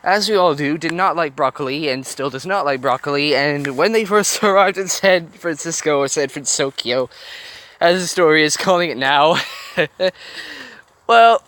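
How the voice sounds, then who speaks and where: A man's voice: fairly high pitch, normal speed, fairly bright tone, dry recording. A man from the United Kingdom reading a fan story aloud, breaking off for chatty, chuckling asides, recorded on a phone. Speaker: reader. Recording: noisy phone recording outdoors.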